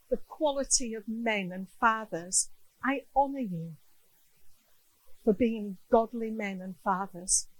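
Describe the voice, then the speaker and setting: A woman's voice: on the high side, no echo, poor audio. A middle-aged woman preaching a sermon, earnest and emotional, acting out the people she quotes. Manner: earnest, emotional, quotes others in lively voices. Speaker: guest speaker.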